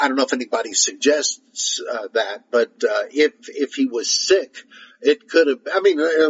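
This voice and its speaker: A man hosting a podcast, answering listener questions in a rambling, halting way, with many fillers and pauses to search for words. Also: medium pitch, breathy edge, dull audio. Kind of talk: casual spoken Q&A.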